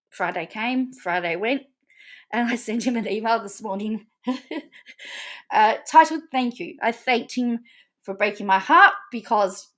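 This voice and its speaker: Woman, middle-aged, live-stream chat, emotional, laughs a lot, repeats phrases, mid-pitched. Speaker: vlogger.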